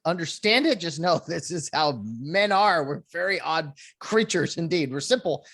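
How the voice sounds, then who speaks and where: A man's voice: fairly high pitch, lively intonation, moderate pace, a bit bright. A young man hosting a casual podcast interview, chatty and laughing often. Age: young adult. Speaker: podcast host.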